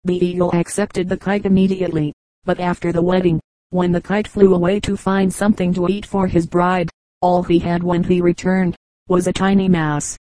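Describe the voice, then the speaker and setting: Mellow-voiced woman reading fables. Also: on the low side, flat delivery, moderate pace, no room sound, rough recording. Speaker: audiobook narrator. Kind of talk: scripted narration of fables.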